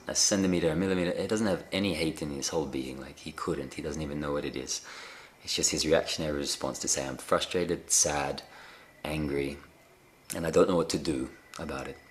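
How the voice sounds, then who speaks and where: A man giving a gentle, unhurried spiritual talk on a live video call, often pausing with fillers and restarting his sentences. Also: very deep voice, a little hiss or hum. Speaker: spiritual teacher.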